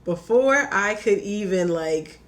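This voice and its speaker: A young woman telling a personal story in casual chat, animated and full of "like", acting out her own quotes. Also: mid-range voice, slow pace. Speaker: podcast guest.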